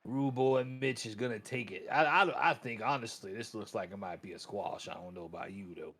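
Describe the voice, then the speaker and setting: A man's voice: fairly low pitch, fairly quick, fairly bright tone. A man commentating wrestling in slangy, hyped banter, backing his favorite. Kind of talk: casual play-by-play banter.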